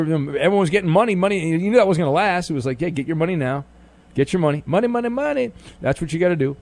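A man hosting a call-in radio show, bantering with callers in a sarcastic, animated way. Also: fairly high pitch. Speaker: radio host.

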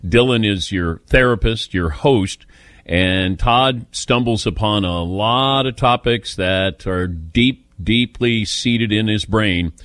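A man hosting a sports talk radio show, speaking in a dry, wry, brisk way. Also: lowish voice, fairly bright tone, no echo.

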